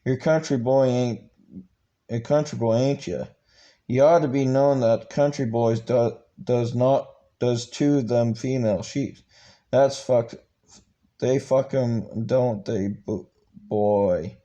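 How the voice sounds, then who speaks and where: A man reading aloud and voicing a harsh, bullying male Marine drill instructor who growls crude orders, with halting restarts. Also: mid-range voice, warm tone, lo-fi sound, lightly acted. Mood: growling.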